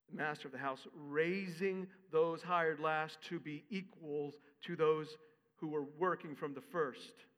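A male pastor preaching in a high, bright voice, with a casual and expressive delivery. His words ring out through a long church reverb. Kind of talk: sermon.

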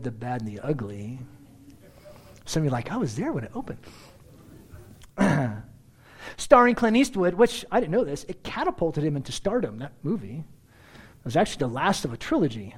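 A middle-aged male pastor preaching a sermon, telling stories in a lively, conversational way and often clearing his throat. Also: fairly high pitch. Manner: animated storyteller, conversational asides, frequent throat-clearing.

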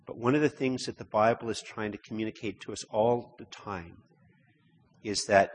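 This church sermon comes from a man whose slightly low voice is a touch husky, with a steady tone and moderate pace. He talks conversationally, repeating words before building into emphatic stretches, all under a long hall reverb.

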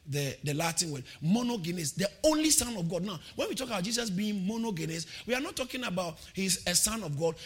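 Male preacher, high and bright, exhorting, repeats lines, calls for shouts. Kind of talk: sermon.

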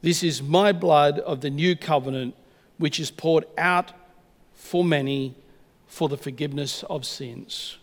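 A man preaching a sermon and leading a communion prayer, earnest and measured, slowing down to stress key words. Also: fairly high pitch. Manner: earnest, measured, slows for emphasis. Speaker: pastor. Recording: long reverb of a church hall.

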